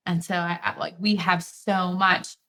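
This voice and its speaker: A woman speaks as a podcast guest in a low, fairly even voice. She talks earnestly about her relationship, sprinkling her sentences with "like," and faint noise sits under the recording. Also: measured pace. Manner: earnest, reflective, frequent "like" fillers. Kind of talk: candid relationship talk.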